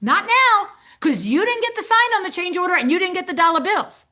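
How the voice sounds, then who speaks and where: A woman's voice: extremely high pitch, brisk. An older woman coaching designers in a webinar, talking animatedly and acting out client conversations as she goes. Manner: animated, acts out client dialogues. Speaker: business coach for interior designers. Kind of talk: webinar teaching.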